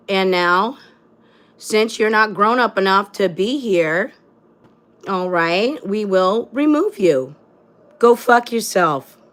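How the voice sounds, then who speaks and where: A woman's voice: mid-range voice, fairly bright tone. A woman hosting her own livestream, delivering an angry, blunt and profane rant full of repeated rhetorical phrases. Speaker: livestream host.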